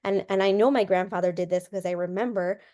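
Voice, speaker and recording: A woman speaks as a counseling guest in a relaxed interview, her voice sitting in an ordinary middle range. She explains ideas through examples and often repeats a word as she restarts. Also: mid-range voice, fast talker. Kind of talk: casual interview talk.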